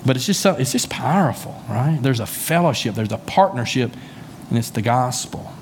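In a church sanctuary, a man from the Southern United States delivers a sermon as pastor at a normal pace, his medium-pitched voice expressive. He keeps things homey and chatty, repeating words frequently, and there's a slight hiss or hum in the audio.

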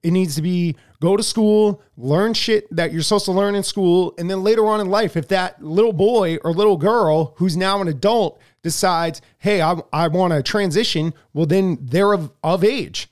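A man co-hosting a casual political podcast. He talks in a heated, profane rush and keeps tripping over repeated words. His voice sits fairly high for a man. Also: moderate pace, few pauses, darkish tone. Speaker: podcast co-host.

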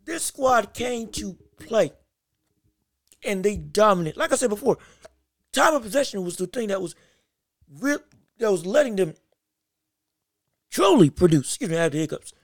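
A woman's voice: medium pitch, very animated, measured pace, pauses often, no room sound, clean studio sound. A woman sports vlogger giving casual commentary, talking emphatically and repeating phrases for emphasis.

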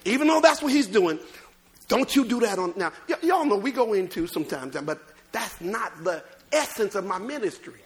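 A man preaching a sermon as pastor, swinging between loud bursts and low asides. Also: lively intonation, normal speed.

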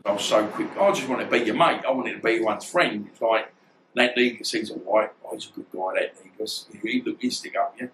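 A man's voice: fairly low pitch, brisk, slight background noise, rough recording. Rambling man in his fifties. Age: 50s. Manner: rambling, animated, acts out dialogue, swears. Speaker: guest, former boxer. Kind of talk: storytelling interview.

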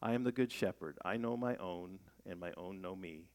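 Here the same kind of sermon comes from a middle-aged male pastor whose voice is low and darkish, at a normal speed. He keeps it conversational, asks rhetorical questions, and gets louder for emphasis.

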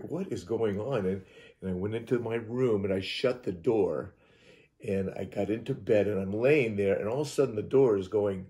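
Lively storytelling man, low voice. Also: moderate pace. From Utah. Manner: acts out sounds and quoted lines, often restarts. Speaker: interview guest. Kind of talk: animated storytelling.

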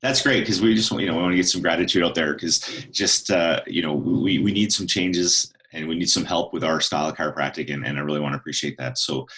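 A man's voice: sits low, fairly even intonation, quick pace, few pauses, fairly bright tone, low-quality recording. A man hosting a chiropractic podcast, casual and upbeat, often repeating words as he talks. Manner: enthusiastic, casual, repeats himself. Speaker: podcast host. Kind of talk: podcast interview.

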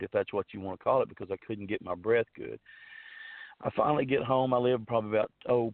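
This guest, a man with a fairly low, creaky voice, earnestly rambles through a long personal story, restarting often and leaning on fillers. The phone line sounds tinny, and there's no room sound.

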